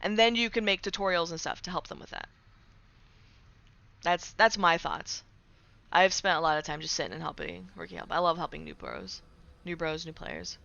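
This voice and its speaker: A woman's voice: on the low side, expressive, normal speed, gravelly, long pauses, pushed and bright, dull audio. A young woman streaming casually, chatting with her viewers, peppering her talk with "right?" and sarcastic asides. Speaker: streamer reading chat. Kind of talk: casual live-stream chat.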